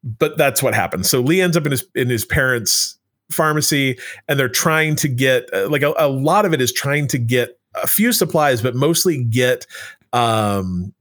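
Man, casual podcast chat, rambling, restarts a lot, middle-pitched voice. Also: lively intonation, normal speed, a bit bright. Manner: rambling, many restarts and fillers. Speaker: podcast co-host.

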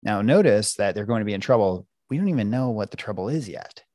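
A man's voice: fairly low pitch, quick pace, no echo. A middle-aged man, a parenting coach, explaining techniques in an interview and acting out parents and children. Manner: animated, acts out parents and kids in quoted voices.

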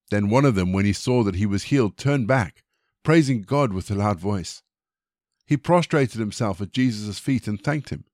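A man leading a short prayer and then reading a Bible passage aloud in a measured, deliberate way. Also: fairly low pitch, a little mellow, dry recording, studio quality. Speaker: church scripture reader.

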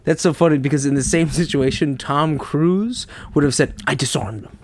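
A man's voice: a little high, moderate pace, darkish tone. A young man co-hosting a casual podcast chat, joking and riffing with mock impressions. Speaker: podcast co-host.

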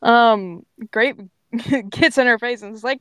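A woman's voice: on the high side, slow, a bit bright, clean tone, dry recording. A woman co-hosting a podcast, narrating a role-play story in a giggly, chatty way. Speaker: co-host and storyteller.

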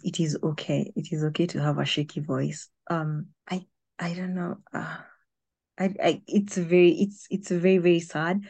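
A woman hosts an interview in a lowish, warm voice. She speaks gently and hesitantly, often stumbling and restarting her phrases. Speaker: podcast host. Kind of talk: interview hosting.

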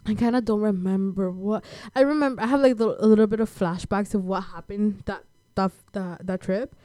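A young woman from the United States tells a story in a casual chat, in a slangy, laid-back way full of fillers. Her voice is soft and mellow, with a middling pitch. The sound is dry and close, with almost no room echo. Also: fairly quick.

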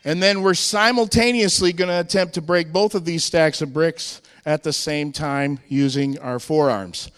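An American man with a fairly high, smooth and resonant voice works a church crowd through a handheld microphone. He jokes, then pumps everyone up with shouts and calls to cheer. His voice rings through a reverberant church hall. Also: moderate pace, few pauses. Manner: hyped, joking, rallying the crowd with shouts. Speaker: touring strength team presenter. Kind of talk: energetic church stage presentation. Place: church hall with live audience.

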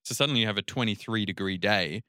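A man co-hosting a podcast, relaxed and joking, musing at length in casual chat. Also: fairly low pitch, quick pace, smooth, no room sound, clean studio sound. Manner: relaxed, joking, rambling explanations. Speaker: podcast co-host.

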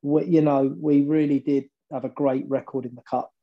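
A man, a former football manager, telling stories in an interview, animated and often repeating words as he builds up a point. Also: medium pitch, normal speed, highs cut off. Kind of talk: storytelling interview.

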